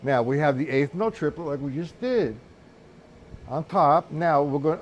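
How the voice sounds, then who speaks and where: A man talks through a live-streamed drum lesson in a loose, conversational way, stopping often to count beats aloud. His voice sits a little high for a man. Steady clicking noise comes through behind him. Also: a little slow, dull audio. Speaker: drum teacher.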